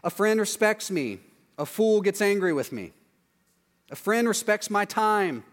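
A man preaching a casual, conversational sermon in a chatty, animated way, often tagging his points with "right?". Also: high-pitched, measured pace, long reverb tail.

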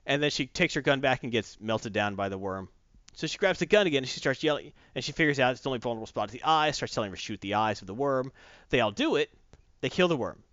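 A man casually recapping a comic book story as a podcast host, jumping into quick character voices as he retells it. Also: mid-range voice, expressive, a bit bright, no echo, lo-fi sound.

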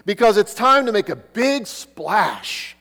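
A man's voice: high voice, very animated, slow pace, bright, forceful tone, in a large hall. A man preaching a sermon, earnest, who keeps asking the listeners rhetorical questions. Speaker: pastor.

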